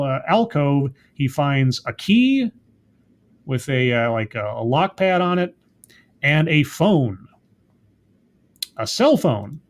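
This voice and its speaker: Man with a slightly high voice; casual, rambling recap of a show episode, full of self-corrections. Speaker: TV episode reviewer.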